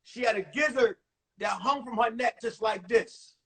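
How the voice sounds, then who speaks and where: A man in his forties, a comedian telling crude, animated stories about his school days on a phone livestream. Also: very high-pitched, moderate pace, husky. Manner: animated, profane storytelling with acted-out voices. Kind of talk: stand-up storytelling on a livestream.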